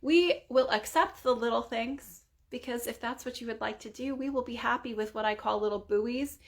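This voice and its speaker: A woman leading a spontaneous spoken prayer in an earnest, conversational way, full of casual fillers and sometimes dropping to a soft near-whisper. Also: fairly high pitch, normal speed. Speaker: prayer leader.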